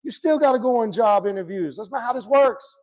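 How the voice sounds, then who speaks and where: A man's voice: very high voice, brisk. A man teaching about the occult in a blunt, profane, impassioned lecture to his viewers. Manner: blunt, profane, animated ranting.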